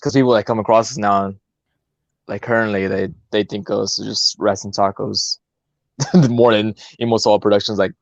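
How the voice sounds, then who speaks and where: A man's voice: fairly low pitch, flat delivery, moderate pace, gravelly, no echo. A man co-hosting a podcast, talking in a hesitant, filler-heavy way and laughing often. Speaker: co-host. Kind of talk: casual podcast chat. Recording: dull lo-fi sound.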